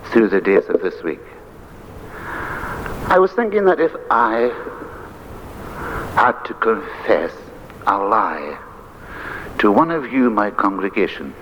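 An older man, a minister preaching an earnest, emphatic sermon. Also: on the low side. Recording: dull lo-fi archive recording with faint hiss.

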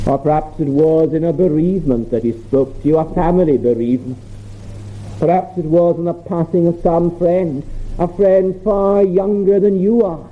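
A man preaching a sermon, earnest and measured, repeating phrases for emphasis. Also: a little high. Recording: tinny phone-like sermon recording.

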